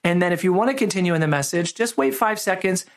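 A man, a pastor, giving a conversational sermon that opens with a personal story, told with a relaxed, self-deprecating humor. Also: high voice, fast talker.

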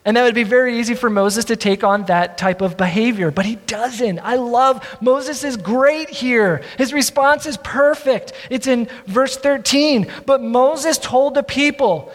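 A male pastor preaching a sermon with earnest, drawn-out emphasis and self-deprecating asides. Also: very high-pitched, lively intonation, in a large hall.

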